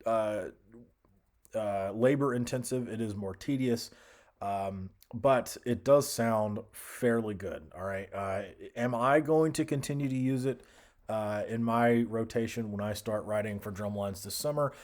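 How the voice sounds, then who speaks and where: A young man casually talking through a music software tutorial, thinking aloud with fillers and restarts. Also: fairly low pitch, measured pace. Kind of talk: screen-recorded software tutorial.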